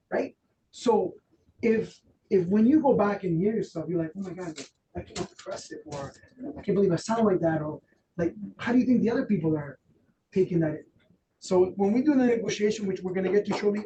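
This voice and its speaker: Animated male trainer in a roomy room. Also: sits high. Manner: loose, animated, full of fillers and acted-out quotes. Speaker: real estate trainer. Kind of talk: workshop talk. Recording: roomy, distant, faint noise.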